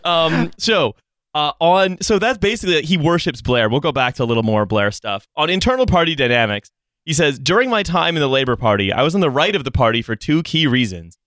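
A man's voice: on the high side, big pitch swings, a little fast, fairly bright tone, no room sound. A man on a casual comedy podcast, reading passages from a book aloud and mocking them with sarcastic asides.

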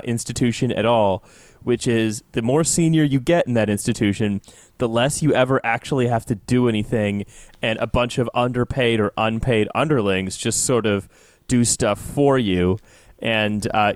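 A man co-hosting a casual podcast, making wry deadpan asides. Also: mid-range voice, dry recording. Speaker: podcast co-host. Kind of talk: casual chat.

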